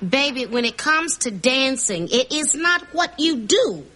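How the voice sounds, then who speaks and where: An actress playing a sassy, breezy family friend who hands out advice and calls people honey and baby. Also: female voice, sits high, big pitch swings, a little slow, heavily acted. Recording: sitcom audio with loud hiss.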